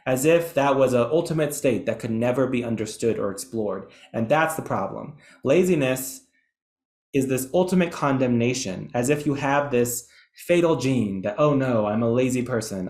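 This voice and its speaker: A man's voice: medium pitch, animated, normal speed, darkish tone, reverberant. A man presenting an educational webinar in a chatty, enthusiastic way, with some self-deprecating asides. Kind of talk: webinar lecture.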